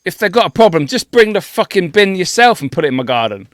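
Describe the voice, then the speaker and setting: A man's voice: high-pitched, very animated, fast talker, dry recording, studio quality. A man co-hosting a podcast, ranting indignantly and swearing freely in casual chat. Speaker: podcast co-host.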